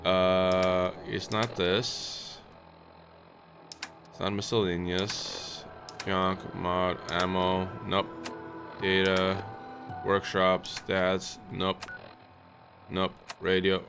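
A man's voice: low voice, monotone, extremely slow, gravelly, long pauses, fairly bright tone. A man giving casual gameplay commentary, chatting to his viewers and yelping when startled. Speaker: let's play host. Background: game music and sounds.

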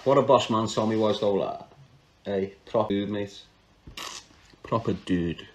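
A man's voice: fairly low pitch, measured pace, a little mellow, slight background noise. A man with a Liverpool accent telling a crime story in casual, slangy talk, laughing often and breaking off mid-sentence. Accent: Liverpool (Scouse). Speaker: podcast storyteller.

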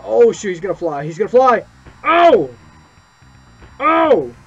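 Excitable young man yelling over gameplay. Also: high voice, quick pace, vocal fry, slightly rough. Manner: excitable, yelps and swears at the game. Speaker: gameplay streamer. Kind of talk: gameplay commentary. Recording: muffled lo-fi mic with game music.

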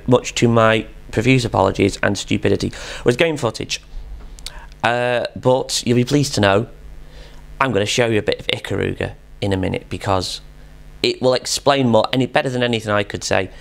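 A British man chats his way through a retro game talk in a casual, digressive way. His voice sits at a middle pitch with a noticeably gravelly texture. He pokes fun at himself as he goes. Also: brisk. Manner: jokey, digressive, self-deprecating. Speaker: host of a retro gaming channel. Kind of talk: casual rambling storytelling.

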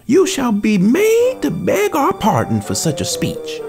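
A man voicing a group of angry baby wren chicks in a storybook read-aloud, shrill and indignant. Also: wildly swooping pitch, measured pace, creaky, music in the background, exaggerated voice.

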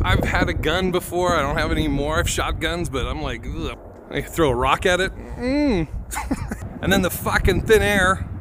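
A man's voice: on the high side, noisy background. A man ranting in a casual, self-mocking and profane way, vlogging from a rural cabin. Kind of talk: casual comedic rant. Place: rural cabin, partly outdoors.

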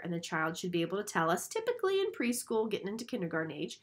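A woman's voice: mid-range voice, very animated, fast, few pauses. A woman giving a recorded lecture, explaining terms step by step and often checking in with "okay?". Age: adult, a mother.

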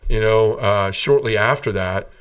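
A man's voice: lowish voice, unhurried, a bit bright, clear, resonant tone, distant mic. A man from Tennessee, a podcast guest, telling his personal story in an earnest and emotional way. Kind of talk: personal testimony in an interview.

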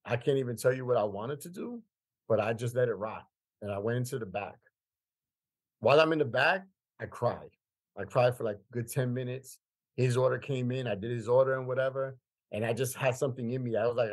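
Husky fifty-something man telling his story. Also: medium pitch, fairly quick, darkish tone. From Queens, New York. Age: 50s. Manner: emphatic, repeats phrases for weight. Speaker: podcast guest. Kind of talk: conversational storytelling.

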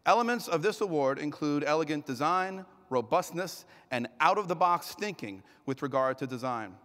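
On stage at an award ceremony, a male emcee announces loudly and energetically in an expressive, somewhat high voice at a moderate pace. He occasionally slips and corrects himself, and he's heard through an echoing arena sound system.

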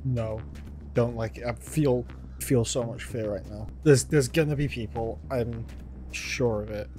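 A man narrating his own gameplay, jumping between nervous muttering and loud threats at the characters. He swears freely and keeps up a constant stream of talk to himself. Faint music plays underneath. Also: mid-range voice, fairly even intonation, a little slow. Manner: jumpy, swears often, talks to himself and to game characters. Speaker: gaming video host. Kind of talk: let's play commentary.

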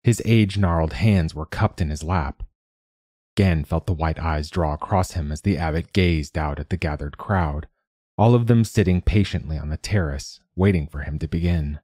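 A male narrator with a very low, dark voice reads a fiction story. He is measured and even, and the sound is dry and close. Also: dry recording.

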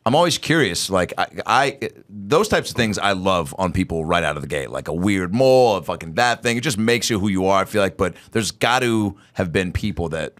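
A man with a low voice whose pitch jumps around as he talks. He tells casual stories with animation and acts out the people in them. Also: fairly quick, few pauses. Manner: animated, imitates people mid-story. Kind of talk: casual storytelling.

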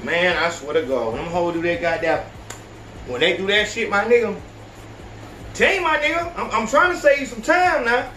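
A man hosting a podcast, ranting profanely with animated reaction commentary. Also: sits high, normal speed, reverberant, distant mic, slight background noise. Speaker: podcast host.

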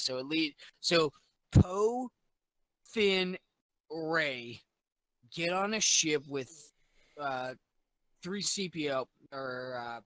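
A man, a little tipsy, tells a story in a loose, rambling way, with curses dropped into nearly every line. His voice is bright and forceful and sits a bit high. It sounds close and dry, with no room around it. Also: no room sound, poor audio. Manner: rambling, profane, animated. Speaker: podcast guest. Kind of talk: casual chat, retelling a movie plot.

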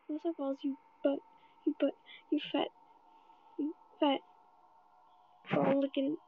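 A woman's voice: high voice, level tone, slow, gravelly, pauses often, a little hiss or hum. A young woman gaming a horror game, nervous and trash-talking, sighing and pleading between jump scares. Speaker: gamer reacting to a horror game. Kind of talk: frightened gameplay commentary. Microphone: phone. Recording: tinny phone-like screen recording.

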